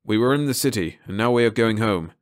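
Guy doing a tense young agent, urgent and firm, kinda low voice. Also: animated, quick pace, close to an everyday voice.

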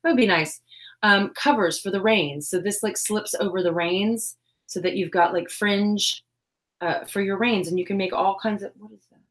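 A woman's voice: medium pitch, normal speed. Chatty woman hosting a craft stream. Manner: chatty, self-deprecating, reads chat aloud. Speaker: crafting livestream host. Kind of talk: casual livestream chat. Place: home craft room.

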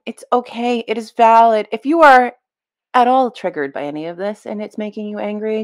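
A woman's voice: a little high, normal speed, darkish tone. A young woman giving casual, exasperated reaction commentary on a video clip, emphatic and blunt. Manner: exasperated, emphatic, swears and laughs.

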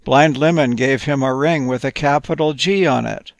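A man gently narrating a playful, whimsical bedtime story. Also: mid-range voice, normal speed, gravelly, no echo.

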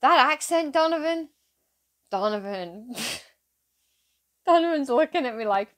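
Giggly, gushing woman with a lively voice. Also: sits high, slow pace. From England. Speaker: reaction video host. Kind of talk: casual reaction chat.

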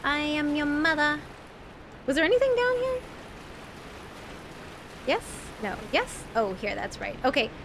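A woman's voice: high-pitched, sing-song, measured pace, pauses often, a bit bright, slight background noise. A woman streamer chatting to her viewers as she plays, shrieking when enemies jump out. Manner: talks to viewers in chat. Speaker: game streamer. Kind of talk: live gameplay commentary.

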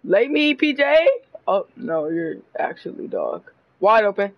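An excitable young man narrates his own gameplay, his high voice leaping all over, talking at an unhurried pace between laughs and curses. The sound is dry and dull, like a cheap lo-fi microphone. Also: no room sound. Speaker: gamer. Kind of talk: live gameplay commentary. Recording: dull lo-fi dry mic audio.

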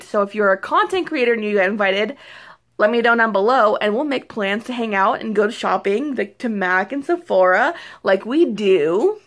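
Excitable young woman vlogger, a bit high. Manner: excitable, rambling, with many fillers and restarts. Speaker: beauty vlogger. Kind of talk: casual chat to camera. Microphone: phone or camera mic.

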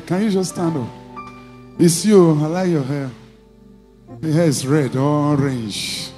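Preaching in church with a Nigerian accent, a man with a fairly high-pitched voice leads deliverance prayer. His style is commanding, built on repeated short phrases with sudden shouts.

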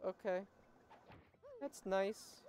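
A woman's voice: mid-range voice, very slow, a little mellow, slight background noise. A woman hosting a let's play, chatting casually and reading game text aloud.

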